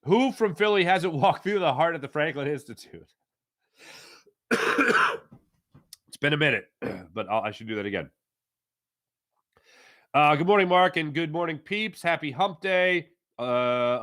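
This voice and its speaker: A man's voice: on the high side, expressive, moderate pace, long pauses, a bit bright. A man hosting a casual live sports chat, reading viewer comments and ranting playfully with lots of ums and uhs. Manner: playful, opinionated rants with frequent fillers.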